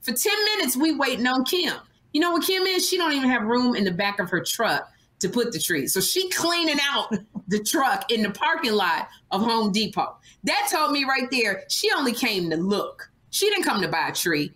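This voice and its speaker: A woman co-hosting a comedy podcast, teasing her friend in animated banter and acting out what others said. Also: fairly high pitch, normal speed, low-quality recording. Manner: animated, ribbing, acts out others. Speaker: podcast co-host.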